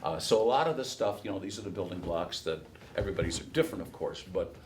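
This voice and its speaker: A middle-aged man from Chicago with a softened Midwest accent and a flat nasal tone, talking loosely to a workshop audience with many fillers and restarts. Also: low voice, quick pace, slight background noise. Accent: softened Midwest American. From Chicago, USA. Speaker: race caller giving a workshop. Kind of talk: casual talk to a workshop audience.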